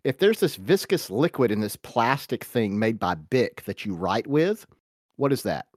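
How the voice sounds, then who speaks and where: A Southern-accented man in his forties chats on a podcast, his pitch swinging up and down as he talks. He wanders through halting asides and restarts, recorded close and dry with no room sound. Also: very animated, dry recording. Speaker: podcast host. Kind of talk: casual chat.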